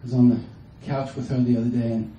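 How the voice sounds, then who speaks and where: A man performing a stand-up comedy set, acting out his family members in quick bits. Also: mid-range voice, flat delivery, mellow, lo-fi sound, a little hiss or hum. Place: comedy stage before a live audience. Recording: roomy, distant mic with faint ambience.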